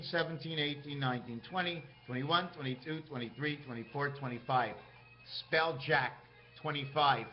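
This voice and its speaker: Rambling man, muffled lo-fi sound. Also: a little high. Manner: rambling, jumps between topics, asks himself questions. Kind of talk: rambling monologue to camera. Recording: muffled lo-fi recording with faint music.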